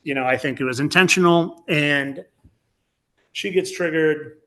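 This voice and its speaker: A man's voice: a little high, unhurried, fairly bright tone. A man in his forties, a podcast guest telling a personal story in a rambling, casual way, full of "like" fillers. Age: 40s.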